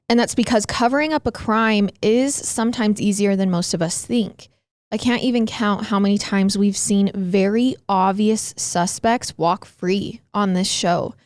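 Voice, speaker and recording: A young woman hosting a podcast, giving a brisk intro and reading from her notes. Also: medium pitch, no room sound, clean studio sound. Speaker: podcast host. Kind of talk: casual chat and scripted narration.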